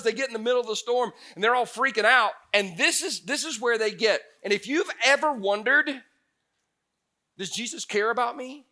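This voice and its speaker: Bright-voiced animated male pastor preaching. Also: high voice. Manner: animated, swings from loud to hushed. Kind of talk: sermon.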